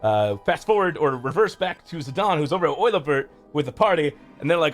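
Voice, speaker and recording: A man's voice: on the high side, brisk, faint music behind. A man streaming, retelling a game's story casually with lots of swearing and filler. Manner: rambling, profane, animated retelling. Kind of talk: casual game story recap.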